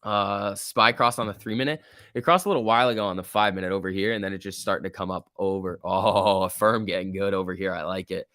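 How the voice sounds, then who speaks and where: A man hosting a casual livestream, giving excitable running commentary and answering chat. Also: deep voice, fast talker, no room sound, studio quality. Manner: excitable, reacts aloud and reads chat. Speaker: livestream host. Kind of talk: casual live market commentary.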